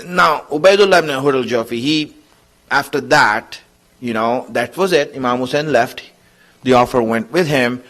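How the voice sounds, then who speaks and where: A man's voice: medium pitch, normal speed. A male preacher giving a Muharram sermon, telling a story and voicing the people in it, and growing emotional as he goes on. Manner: grows emotional and louder as he goes on.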